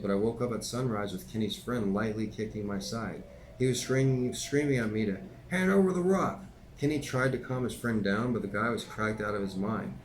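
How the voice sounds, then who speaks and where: Low-voiced man reading his memoir. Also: a little fast, slight background noise, low-quality recording. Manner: plain conversational delivery with occasional slips and asides. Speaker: author reading his own book.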